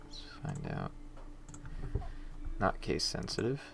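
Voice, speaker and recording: Very deep and gravelly, his pitch swoops wildly as he talks slowly. An indie developer streams himself coding, muttering to himself, chatting casually and reading chat out loud while faint music and keyboard clicks play underneath.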